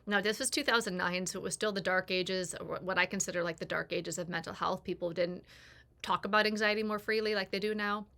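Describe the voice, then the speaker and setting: Bright-voiced woman telling a candid story. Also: mid-range voice, steady tone, fast. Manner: candid, acts out quoted voices in her story. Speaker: personal growth creator. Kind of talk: confessional storytelling.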